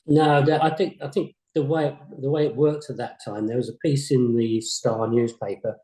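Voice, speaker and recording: An older man, a former games company boss, recalling his career in a modest, halting way, often repeating words. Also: mid-range voice, fairly even intonation, warm tone. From England. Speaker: former games company CEO, interview guest. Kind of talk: reflective interview chat. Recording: roomy echo.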